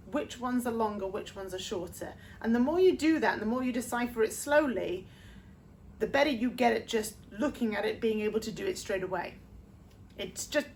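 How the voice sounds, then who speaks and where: A woman's voice: a little high, a bit bright, a little hiss or hum. A woman, a vocal coach explaining sheet-music rhythm step by step and singing short phrases to demonstrate. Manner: explains slowly, sings short demo phrases. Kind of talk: music theory lesson.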